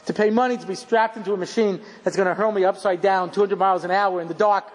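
A middle-aged man giving a rabbi's lecture, telling funny stories in an animated, self-mocking way and acting out scenes. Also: high-pitched, quick pace. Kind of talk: humorous storytelling lecture. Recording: long hall reverb, faint background noise.

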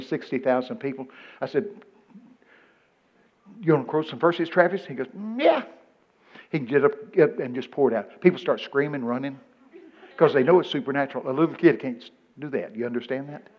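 An older man preaching a folksy sermon full of stories, breaking into loud excited bursts. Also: mid-range voice. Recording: muffled lo-fi recording.

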